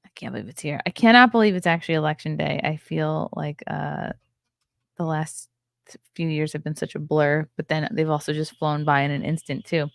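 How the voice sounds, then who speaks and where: A woman's voice: deep voice, fairly even intonation, moderate pace, creaky, no echo, studio quality. A tired, yawning woman hosting a podcast, chatting casually with her viewers and rambling between comments from the chat. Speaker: podcast host.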